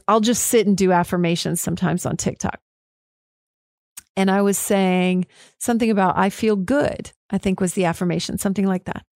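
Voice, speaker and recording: A woman's voice: medium pitch, a little mellow, no echo, clean studio sound. A woman hosting her own podcast, talking candidly and frankly on her own, fired up and swearing now and then. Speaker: podcast host. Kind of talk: candid solo talk.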